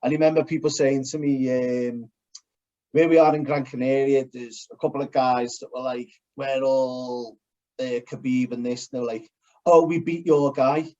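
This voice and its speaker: A man with a Liverpool accent co-hosting a podcast in casual chat, blunt and quick to swear. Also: medium pitch, level tone, warm tone. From Liverpool, England. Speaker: podcast co-host. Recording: dull lo-fi podcast audio.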